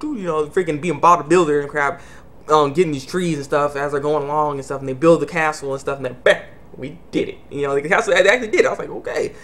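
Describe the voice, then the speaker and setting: A man's voice: fairly high pitch, fast talker, fairly bright tone. Rambling man recapping an anime episode. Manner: rambling, many fillers and restarts; acts out characters' lines in quotes. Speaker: anime reviewer.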